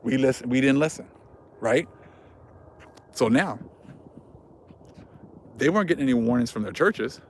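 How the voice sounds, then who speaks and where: A man's voice: medium pitch, lively intonation, moderate pace, long pauses, slight background noise. A man hosting a religious commentary vlog, speaking fervently in casual slang and repeating himself for emphasis. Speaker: vlog host.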